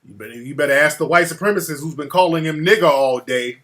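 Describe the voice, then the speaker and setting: A man's voice: fairly high pitch, fast, fairly bright tone. A man hosting a call-in talk show, chatting loosely and cursing freely. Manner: profane, loose and conversational. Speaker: radio talk show host.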